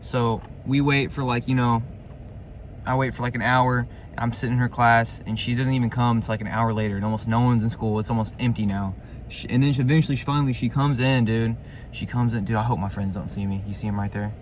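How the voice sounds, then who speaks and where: A man's voice: medium pitch, fairly even intonation, fast talker, a little hiss or hum. A man telling a personal story in a casual, rambling way, full of slang fillers and swearing.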